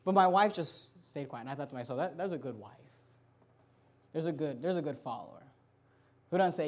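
Male pastor, high-pitched, animated sermon delivery with sudden loud bursts and humorous asides. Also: fast talker.

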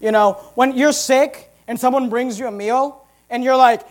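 A pastor preaching a sermon in an emphatic, punchy style with big loud swings. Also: male voice, extremely high pitch, fairly even intonation, moderate pace.

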